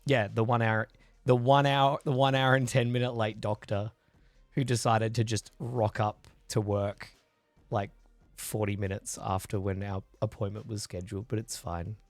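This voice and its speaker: This livestream host talks casually with his live viewers in a loose, rambling way, picking up messages from chat and replying, with an occasional cough from a chest infection he's getting over. He speaks at a moderate pace in a lowish voice with little pitch movement, no echo, and faint music underneath.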